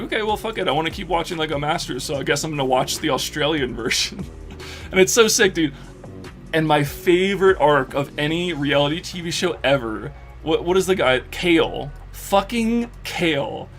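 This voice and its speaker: A male streamer chats loosely while gaming, swearing often and getting worked up as he rambles. His mid-range voice carries a gravelly fry, and faint music plays under it. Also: a little high. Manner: excitable, profane, filler-heavy rambling. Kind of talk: casual live-stream chat while gaming.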